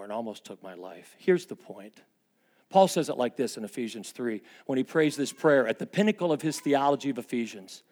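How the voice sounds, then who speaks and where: A man in his sixties preaching a sermon as a pastor, moving between hushed confessional passages and fervent, rising emphasis. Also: medium pitch, animated, fairly quick.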